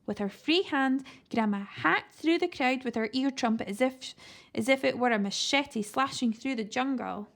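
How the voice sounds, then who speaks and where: A woman reading a children's book aloud with animated, expressive storytelling. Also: high-pitched, normal speed, vocal fry. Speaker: reader.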